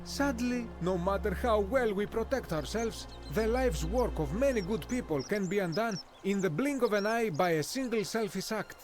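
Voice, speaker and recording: A man's voice: high voice, expressive, normal speed, few pauses. A man voicing a well-travelled, courteous male Greek merchant in a video game, speaking in a formal, flowery and polite way. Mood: earnest. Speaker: game character. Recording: game audio over background music.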